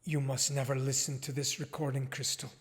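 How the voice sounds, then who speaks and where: An actor playing a solemn, formal male documentary filmmaker questioning a guest in a deliberate manner, recorded with long reverb. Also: medium pitch, level tone, natural voice. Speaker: interviewer.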